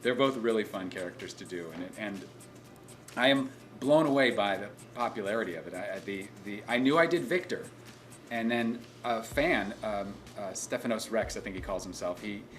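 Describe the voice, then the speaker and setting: A man with a fairly low voice talks loosely about his voice acting work, stopping and restarting his sentences often. Soft music plays faintly underneath. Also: moderate pace. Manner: rambling, many restarts. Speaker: voice actor. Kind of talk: casual interview talk.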